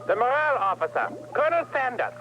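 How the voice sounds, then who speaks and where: A man's voice: very high voice, big pitch swings, fast talker, dull audio, heavy background noise. An actor playing a wisecracking male ship computer with a German accent, cocky and teasing, in a 1970s TV comedy.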